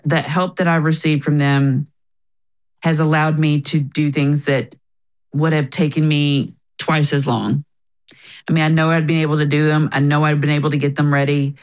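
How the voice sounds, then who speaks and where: As an interview guest, a woman tells her personal story in an earnest, reflective way, often quoting herself and others. Her voice sits low, and the recording is rough.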